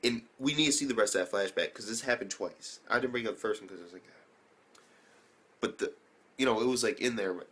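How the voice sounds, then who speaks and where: Husky, rambling young man recapping anime. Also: fairly low pitch, brisk, fairly bright tone. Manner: rambling, profane slang, lots of fillers. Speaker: anime reviewer. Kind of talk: casual episode recap.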